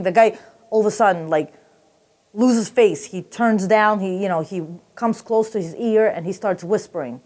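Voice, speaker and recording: A woman's voice: mid-range voice, moderate pace, a little mellow. Brash woman doing stand-up. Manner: brash, profane storytelling with put-on character voices. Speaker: stand-up comedian. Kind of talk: stand-up comedy routine.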